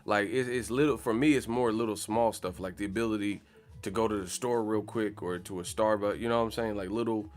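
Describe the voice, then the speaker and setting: A man's voice: lowish voice, steady tone, a little fast. A man hosting a boxing channel livestream, chatting casually in a profane, joking, slangy way. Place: in the Bay Area, California.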